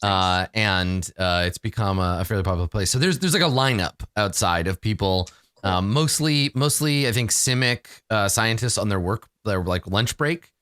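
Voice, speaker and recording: A man's voice: fairly low pitch, normal speed, a bit bright, smooth, no room sound, studio quality. A man narrating a tabletop game as game master, in a loose, hesitant way full of fillers.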